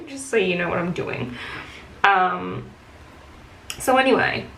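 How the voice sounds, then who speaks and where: A woman's voice: medium pitch, vocal fry, a little hiss or hum. Blunt, swearing woman in an echoey room. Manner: blunt, swears freely, animated when quoting herself. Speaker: beauty vlogger. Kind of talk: casual storytelling while doing makeup.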